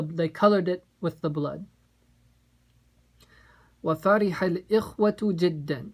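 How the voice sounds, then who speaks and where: A woman's voice: fairly low pitch, low-quality recording. A woman teaching an Arabic text, reading each phrase and then translating it word by word and explaining its grammar. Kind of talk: line-by-line text translation lesson.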